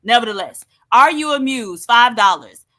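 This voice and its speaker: Bright-voiced woman in casual chat. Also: fairly high pitch, moderate pace. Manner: relaxed, conversational, uses fillers like "like".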